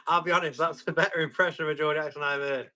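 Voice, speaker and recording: A man's voice: on the high side, steady tone, fast, pushed and bright. A man running a live tool auction, chatty and jokey with viewers. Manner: chatty, jokey salesman patter.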